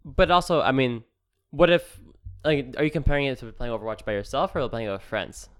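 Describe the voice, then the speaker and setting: A young man co-hosting a casual podcast, rambling and halting with many restarts. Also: mid-range voice, clean tone. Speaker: podcast co-host.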